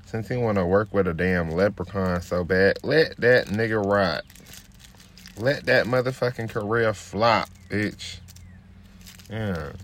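A man, ranting on his podcast in a brash, profane, casual way. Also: measured pace. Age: 20s. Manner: drops into a low, laid-back murmur while rolling a blunt. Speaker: podcast host. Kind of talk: casual rant.

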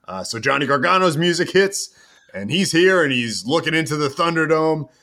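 A man with a slightly high, bright and forceful voice hosts a laid-back podcast. He retells a wrestling show with animated storytelling, tossing in quick asides as he goes.

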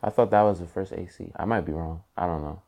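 Low voiced dude hosting a podcast, chill curious questions. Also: male voice, quick pace, dark tone. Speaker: podcast host. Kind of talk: casual interview chat.

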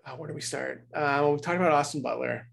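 A man's voice: on the high side, fast talker, vocal fry, low-quality recording. A man co-hosting a podcast, chatting casually in a joking, rambling way with restarts. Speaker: podcast co-host. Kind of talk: casual chat.

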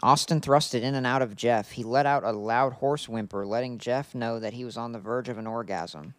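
A man's voice: mid-range voice, moderate pace, a bit bright, no room sound. A man co-hosting a podcast, chatting casually and reading fan fiction aloud while often laughing. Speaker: podcast co-host.

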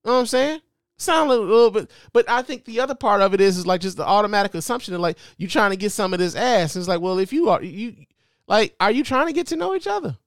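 A man in his forties hosting a show, giving animated, joking commentary full of profanity. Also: high voice, fast, smooth, no echo, clean studio sound. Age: 40s. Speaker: host. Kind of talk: casual commentary.

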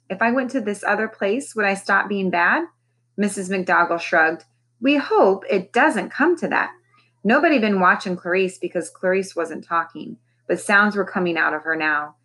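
A woman's voice: on the low side, fairly bright tone. A woman, a teacher, reading a children's novel aloud expressively and raising her voice for the characters' lines.

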